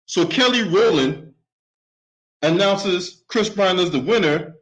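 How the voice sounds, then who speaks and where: A man with a high-pitched voice rants angrily through a solo sports commentary. He swears freely and keeps pushing his point with a sharp "right?". His anger stays steady and heated all the way through. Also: takes it slowly, rough recording. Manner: profane, heated, repeatedly asks "right?". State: openly angry. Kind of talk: angry solo commentary rant.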